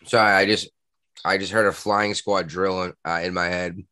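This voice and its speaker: A man's voice: low-pitched, level tone, normal speed, bright, forceful tone, dry recording. A man hosting a casual podcast, talking bluntly with crude jokes.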